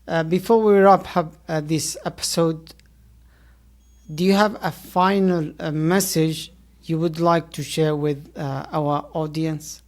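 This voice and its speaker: Podcast host, woman, low voice, slow and hesitant, lots of pauses. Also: fairly even intonation, darkish tone. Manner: halting, many "uh" fillers, formal praise. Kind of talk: podcast interview.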